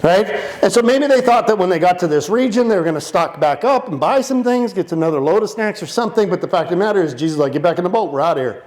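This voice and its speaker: A male pastor preaching a lively sermon, playful and animated, acting out the disciples in funny voices. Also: high voice, quick pace, hardly any pauses.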